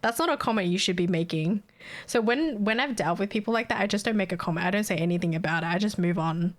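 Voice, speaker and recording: A woman's voice: mid-range voice, fast. A young Australian woman with an Australian accent, chatting casually with her stream viewers in a blunt, sweary way and laughing often.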